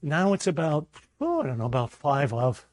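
A man preaching a sermon, telling a personal story in a lively way and acting out the voices in it. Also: fairly high pitch, normal speed, no echo. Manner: animated storyteller, acts out voices.

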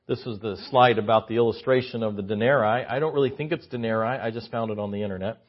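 A man preaching a sermon, shifting from quiet storytelling to loud, impassioned exhortation. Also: mid-range voice, fast, dull audio.

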